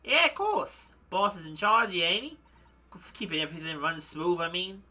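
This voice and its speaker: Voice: medium pitch, expressive, normal speed, pushed and bright. A streamer voicing a cheeky young woman, a former pickpocket, reading game dialogue aloud in a breezy, cocky way.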